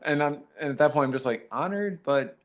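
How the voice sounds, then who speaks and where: A man's voice: on the high side, level tone, fast. A man, an actor, talking modestly in a casual interview and retelling fan encounters with quoted dialogue. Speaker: actor guest.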